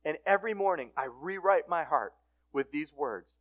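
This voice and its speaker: A middle-aged man with a fairly high voice gives a sermon at a recovery ministry. He talks casually, with restarts and filler, and moves from hushed, close moments to loud, emphatic points. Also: animated, moderate pace, narrow, tinny audio. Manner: casual conversational phrasing with restarts.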